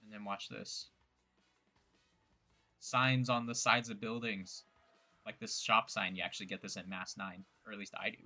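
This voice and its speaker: Playing a game on stream, a young man rambles through joking, casual commentary full of self-mocking asides. His voice is on the low side, bright and forceful, with little pitch movement, normal speed, and long pauses. Soft music plays in the background.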